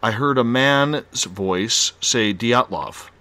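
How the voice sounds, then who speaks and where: A male radio host running a live call-in show, haltingly reading listener reports one after another. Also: lowish voice, lively intonation, pushed and bright.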